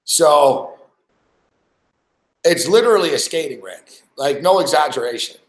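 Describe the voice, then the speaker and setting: A young man spins a crude, rambling story, swearing constantly and padding every line with "like." His voice sits a touch high for a man. The room around him rings with a noticeable echo. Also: animated, a little slow. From Montreal, Canada. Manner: profane, rambling anecdote full of "like" and laughter. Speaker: podcast host. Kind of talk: casual storytelling chat. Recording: echoey room.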